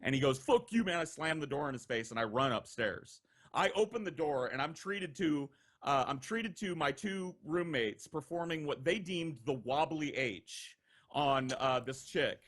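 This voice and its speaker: Animated, profane young man telling a story. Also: on the high side, normal speed. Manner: animated, profane, acts out quoted voices. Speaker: podcast regular telling stories. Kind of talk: casual storytelling.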